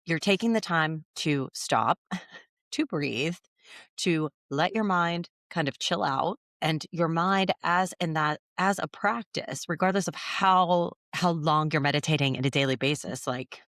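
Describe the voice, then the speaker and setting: A woman's voice: low-pitched, unhurried, fairly bright tone, dry recording, clean studio sound. A woman co-hosting a podcast in casual chat, reflective and thinking aloud, often restarting her sentences. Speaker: podcast co-host.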